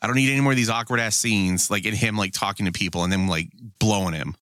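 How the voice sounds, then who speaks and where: A man's voice: lowish voice, no room sound, studio quality. A man co-hosting a podcast in casual chat, swearing freely and acting out quotes with energy. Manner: profane, animated, quick to act out quotes. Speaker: podcast co-host.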